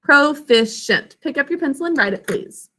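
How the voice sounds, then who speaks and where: A young woman teaching a class, slowly sounding out words and their syllables. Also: sits high, lively intonation, background noise. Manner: clear, slow enunciation of words and sounds. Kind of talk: classroom spelling lesson.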